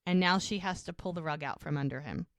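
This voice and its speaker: A woman co-hosting a casual recap podcast, retelling scenes in an animated way and acting out the characters' lines. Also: on the low side, fast talker, no echo. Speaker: podcast co-host.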